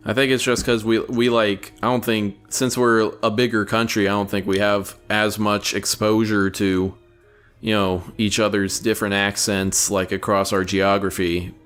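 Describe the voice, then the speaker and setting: A man's voice: lowish voice, little pitch movement, moderate pace, a bit bright, smooth, faint music behind. A young man co-hosting a podcast in casual chat, sardonic and crude, often stumbling over his words. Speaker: podcast co-host.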